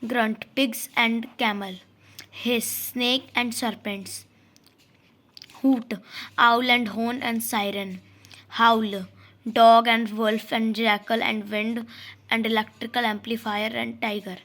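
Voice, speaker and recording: A woman slowly reading out a vocabulary list of words and examples, pausing between each item. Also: on the high side, little pitch movement, fairly bright tone. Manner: reads word lists slowly with long pauses.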